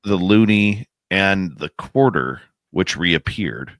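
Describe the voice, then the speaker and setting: Deep-voiced man telling a spooky story. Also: no echo. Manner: animated, builds suspense with pauses. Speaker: guest, paranormal researcher and radio host. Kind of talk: casual storytelling in a podcast interview.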